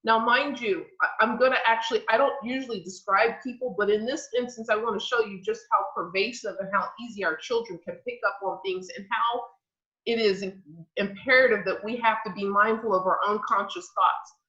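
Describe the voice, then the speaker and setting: A woman's voice: mid-range voice, steady tone, a little fast, pushed and bright. A woman in her forties sharing a personal story in earnest, reflective tones during a group discussion. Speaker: panelist. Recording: dull lo-fi audio.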